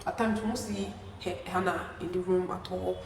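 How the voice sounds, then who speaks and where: Young woman, Nigerian accent, animated storytelling, roomy echo, distant camera mic, faint background hiss. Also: fairly low pitch, moderate pace, creaky. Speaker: vlogger. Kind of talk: casual storytime. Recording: echoey room, no microphone.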